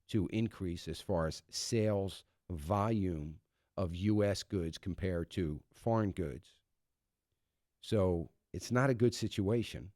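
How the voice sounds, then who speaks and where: Low, dark-voiced sarcastic American man. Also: no echo, clean studio sound. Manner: sarcastic, opinionated. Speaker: radio talk show host. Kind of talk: radio commentary on economic news. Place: radio studio. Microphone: studio microphone.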